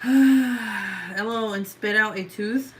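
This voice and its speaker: A woman's voice: medium pitch, slow, fairly bright tone, a little hiss or hum, poor audio. A woman in her thirties chatting casually with viewers, swearing, rambling and laughing often. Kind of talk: casual chat.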